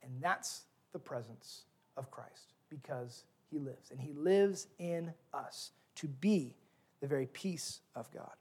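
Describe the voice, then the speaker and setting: A man's voice: a little high, slow pace, slightly rough. Guy pastor in his 30s preaching, earnest, lots of ups and downs in emphasis. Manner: earnest storytelling with varied emphasis. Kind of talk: sermon.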